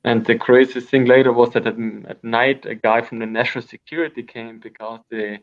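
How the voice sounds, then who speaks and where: Gravelly man telling wild stories. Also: mid-range voice, fairly quick. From Austria. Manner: rambling, animated storyteller with frequent restarts. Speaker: guest. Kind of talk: storytelling in an interview. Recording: dull lo-fi sound.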